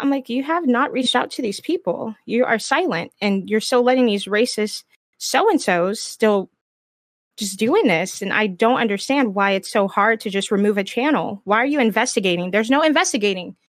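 A woman's voice: fairly high pitch, moderate pace, no echo, studio quality. A woman streamer speaking frankly and with passion in a casual panel discussion. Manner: impassioned, frank and blunt.

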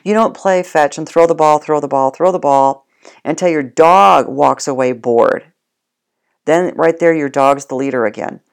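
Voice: mid-range voice, moderate pace, vocal fry. A dog trainer giving casual spoken instruction, plain-spoken and addressing the listener directly.

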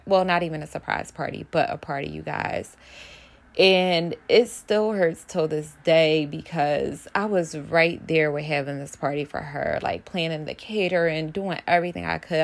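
A woman's voice: low-pitched, vocal fry. A young woman talking straight to her viewers about a painful loss, earnest and emotional, holding back tears. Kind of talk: personal vlog about grief.

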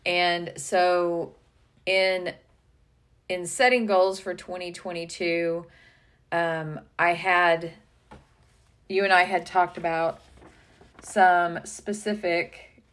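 A woman co-hosting a casual business podcast as a coach, thinking aloud with pauses and some stammering. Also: lowish voice, steady tone, fairly bright tone, smooth.

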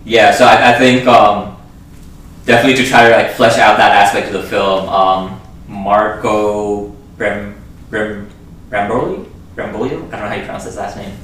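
A man's voice: on the low side, little pitch movement, fairly quick, a bit bright, slight background noise. A man discussing a film in casual talk, rambling with lots of fillers and restarts. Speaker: film podcast co-host. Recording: echoey room, voice far from mic.

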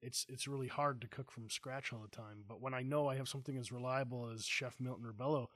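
Man, middle-aged, host, mid-pitched voice, dry close sound, animated storyteller. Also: quick pace, no echo. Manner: animated storyteller, acts out quotes. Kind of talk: casual interview chat.

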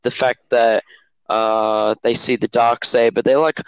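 A young man co-hosting a podcast, talking casually in halting, meandering sentences. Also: medium pitch, little pitch movement, smooth, no room sound, poor audio. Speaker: podcast co-host. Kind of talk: casual chat.

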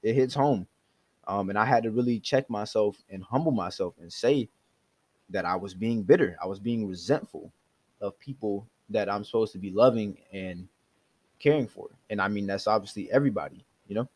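Earnest low-voiced man preaching. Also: normal speed, darkish tone. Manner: earnest, exhorting, addresses listeners directly. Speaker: podcast host. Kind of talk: devotional podcast teaching.

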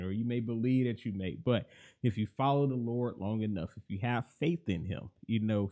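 Low-voiced man giving a steady faith talk. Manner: mostly even and monotone, livening up when excited. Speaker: podcast host and life coach. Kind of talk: reflective faith podcast monologue.

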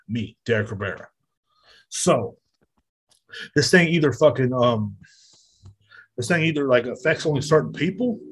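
Another fiery, swear-filled rant from the same Texas podcast host, who is talking casually on his own. This time his medium-pitched voice comes across as husky.

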